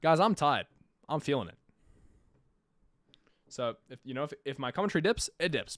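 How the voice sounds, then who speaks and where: A young man live-streaming his own commentary on an esports match, chatty with jokey asides and bursts of energetic play-by-play. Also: a little high, normal speed, long pauses, dry recording, clean studio sound.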